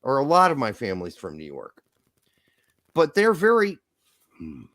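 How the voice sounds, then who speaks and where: A loud Midwestern man rambling through a casual podcast chat, swearing as he goes. His pitch swings all over the place, from low mutters up to high exclamations. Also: huge pitch swings, moderate pace, no echo. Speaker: podcast co-host.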